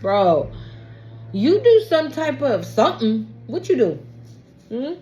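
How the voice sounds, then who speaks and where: This young woman's voice sits high, with big pitch swings, a slow pace and a warm tone, over slight background noise. Giving a casual tarot reading to her viewers, she's emotional, slangy and exclamatory, frequently close to tears.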